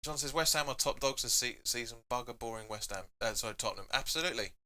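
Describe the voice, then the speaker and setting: Chatty fan, bright voice. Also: male voice, medium pitch, fast. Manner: chatty, reading chat comments aloud, bursts of shouting at the match. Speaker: fan channel host. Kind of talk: live football watch-along chat.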